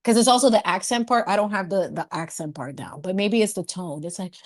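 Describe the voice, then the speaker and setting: A woman hosts a casual livestream chat, playful and sassy, laughing often and sprinkling in Spanish words. Her voice is medium in pitch and a little fast.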